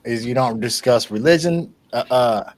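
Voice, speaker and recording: A man's voice: medium pitch, normal speed. A man co-hosting a podcast in casual chat, telling stories with profanity and acting out the quotes. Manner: animated storyteller, profane, acts out quotes. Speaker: podcast co-host.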